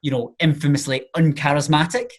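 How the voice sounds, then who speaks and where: A man with a slightly husky voice talks in a relaxed podcast chat. He explains his points with everyday examples and keeps things loose and conversational. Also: a little high, brisk. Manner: chatty, explaining with examples and filler phrases. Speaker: podcast guest, charisma coach.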